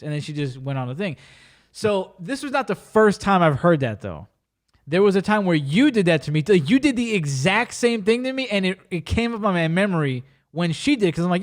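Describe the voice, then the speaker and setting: A man hosting a relaxed podcast chat, fond of slang and quick to cut himself off and start again. His voice sits a little higher than most men's. He tells anecdotes with lively energy. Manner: animated storyteller with slang and frequent self-interruptions. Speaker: podcast host.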